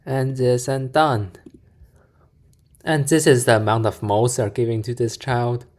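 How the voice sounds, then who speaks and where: Calm man explaining step by step. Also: medium pitch, unhurried. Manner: calm, walks through steps. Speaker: reaction video host. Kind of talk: explanatory commentary.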